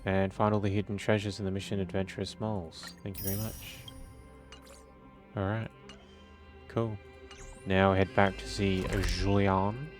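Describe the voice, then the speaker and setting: A man with a fairly low voice, chatting casually over his gameplay. His tone is offhand and jokey, with swearing slipped in, and game music plays clearly under him. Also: little pitch movement, moderate pace, pauses often. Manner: offhand, joking, swears freely. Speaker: gaming video host. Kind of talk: casual let's play commentary.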